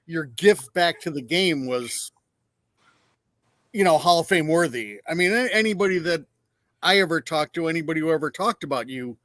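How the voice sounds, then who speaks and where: Guy co-hosting a podcast, kinda high voice, dry sound, laid-back. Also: lively intonation, normal speed, a bit bright, no echo. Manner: easygoing, affirming the guest. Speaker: podcast co-host. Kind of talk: casual podcast chat.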